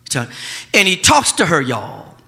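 A male pastor, preaching a sermon that swings from quiet, close talk to shouting. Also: a little high, huge pitch swings, normal speed, vocal fry, in a large hall.

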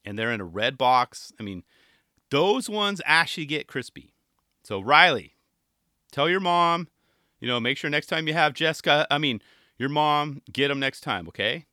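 A man hosting a podcast, rambling in an animated, jokey, slangy way. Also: fairly high pitch, normal speed, no room sound, clean studio sound. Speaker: podcast host. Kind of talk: casual chat.

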